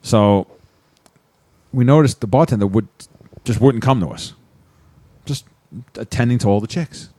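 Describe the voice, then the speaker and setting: A man's voice: mid-range voice, unhurried, long pauses, mellow. A young man co-hosting a podcast, telling a rowdy weekend story in casual, profane chat and laughing often. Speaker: podcast co-host.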